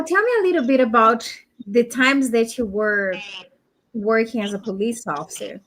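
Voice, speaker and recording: A woman host with a slightly high voice asks her guest open questions. She prompts him in a gentle, interested manner. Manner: brief affirmations, gentle questions. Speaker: podcast host.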